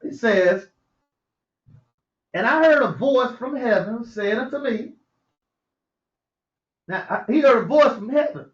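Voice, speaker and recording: A man teaching scripture like a preacher. He reads verses slowly and then explains them in a casual, conversational way, often chuckling to himself. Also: very high voice, expressive. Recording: roomy, dull lo-fi audio.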